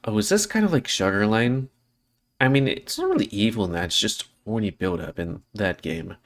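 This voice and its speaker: A man's voice: lowish voice, big pitch swings, normal speed. A man playing through a visual novel, reading it aloud and breaking off into casual, rambling asides. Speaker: let's play host.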